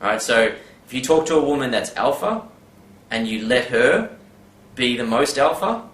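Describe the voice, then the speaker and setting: A man's voice: mid-range voice, lively intonation, a little slow, fairly bright tone. A man giving a casual advice monologue, rambling with many fillers and tag questions. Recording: roomy with faint background ambience.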